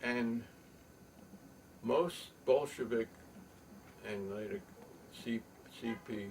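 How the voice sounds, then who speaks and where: An older man telling a long rambling story, halting with many ums and restarts. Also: mid-range voice, darkish tone. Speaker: poet and storyteller. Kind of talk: rambling spoken reminiscence. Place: home loft. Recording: distant mic, faint room noise.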